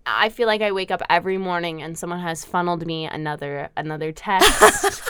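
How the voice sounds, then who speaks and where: A young woman co-hosting a casual gossip podcast in a campus studio, teasing and quick to laugh. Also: on the low side, clean tone. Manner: animated, teasing, laughs often. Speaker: podcast co-host.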